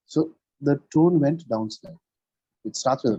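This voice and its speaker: A man's voice: medium pitch, normal speed, pauses often, warm tone, slightly rough, dry recording. A man teaching English pronunciation in a one-on-one lesson, patient and checking in often with "right?". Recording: dull lo-fi sound.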